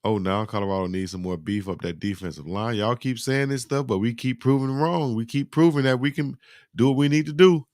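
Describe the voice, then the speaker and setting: A man hosting a live football highlight reaction, giving animated, slangy play-by-play and talking to his chat. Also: brisk, dry recording, clean studio sound. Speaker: sports reaction host.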